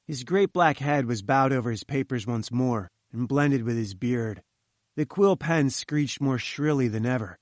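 A man's voice: mid-range voice, a little slow, no room sound, studio quality. A man narrating a story in the first person, voicing its characters in turn. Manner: reads with lively character voices. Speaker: audiobook narrator. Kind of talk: scripted narration.

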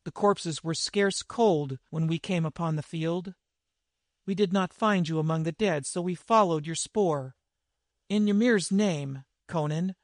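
A man reading the lines of a gruff, loyal northern warrior in a storybook. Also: high-pitched, dry recording, clean studio sound. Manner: blunt, gruff.

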